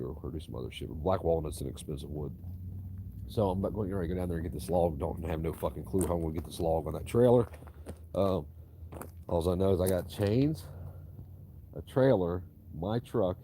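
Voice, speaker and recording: A man's voice: low voice, a little fast, noisy background. A man, rambling profanely and casually about his tree-cutting work. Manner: profane, rambling, drawling storyteller. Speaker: tree cutter vlogging.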